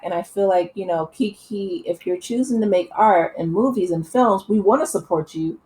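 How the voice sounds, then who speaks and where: A woman's voice: mid-range voice, mellow, rough recording. A woman vlogger giving impassioned, earnest opinion commentary, with many fillers and restarts.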